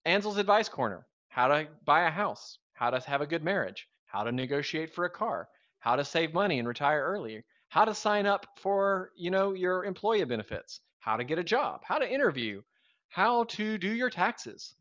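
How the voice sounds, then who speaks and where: A man's voice: on the high side, big pitch swings, normal speed, a bit bright, highs cut off. A man in his thirties from the Southern US, co-hosting a live stream in a wry, rambling, joking way. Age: 30s. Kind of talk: casual live stream chat.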